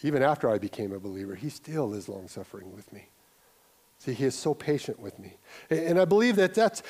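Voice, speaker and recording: A man's voice: a little high, a little mellow. A male pastor giving a conversational sermon, telling an anecdote, often restarting and repeating words. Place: church sanctuary.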